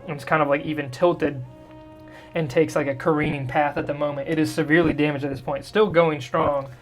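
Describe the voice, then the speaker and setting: A man's voice: on the high side, fairly even intonation, fairly quick, soft background music. A man running a tabletop game as dungeon master, describing the action loosely with lots of "like" and "uh" fillers.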